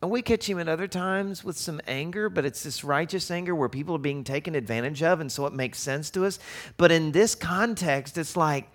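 A man preaching a sermon in a conversational, animated way, asking the audience rhetorical questions. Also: a little high, brisk. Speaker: pastor.

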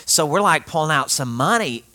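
This pastor's fairly high voice moves at a normal speed as he shares a personal story in his sermon. His delivery is lively and chatty, with frequent laughter and direct address to his listeners.

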